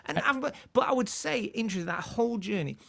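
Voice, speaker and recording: High-pitched, gravelly and sharp, this fast-talking man in his forties is expressive as a comedian guest. He rambles through a personal story in easygoing conversation, with plenty of restarts and laughter.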